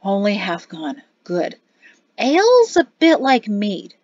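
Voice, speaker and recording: A woman's voice: mid-range voice, huge pitch swings, slow, darkish tone, no room sound, highs cut off, heavily acted. A woman voicing a jovial, chatty male innkeeper and cook in an audiobook. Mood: cheerful. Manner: cheery, chatty, boastful.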